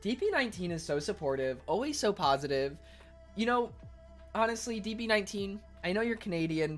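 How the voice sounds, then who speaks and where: A man streaming live in a casual chat, reading viewers' messages aloud and answering them while he eats, quick to argue and defensive. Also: sits high, huge pitch swings, faint music behind.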